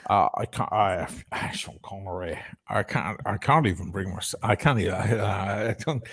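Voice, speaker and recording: A man's voice: deep voice, moderate pace, vocal fry, a bit bright, breathy edge, no echo, studio quality. A tipsy man co-hosting a casual livestream chat, laid-back and mumbling, swearing often.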